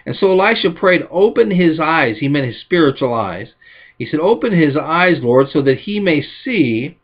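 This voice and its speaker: A man preaching a sermon with a slightly high voice. He tells stories with lively emphasis and acts out the quotes. The recording is dull and lo-fi. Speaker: pastor.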